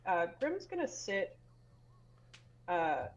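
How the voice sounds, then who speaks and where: A woman's voice: mid-range voice, big pitch swings, takes it slowly, dull audio. A woman playing in a tabletop game, speaking in a polite, casual way. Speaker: player.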